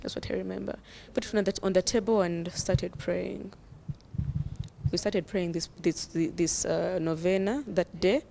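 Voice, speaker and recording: A woman's voice: on the low side, fairly even intonation, unhurried, creaky, warm tone, slight background noise. A young woman, a guest telling her own story earnestly and often laughing through it. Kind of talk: personal storytelling.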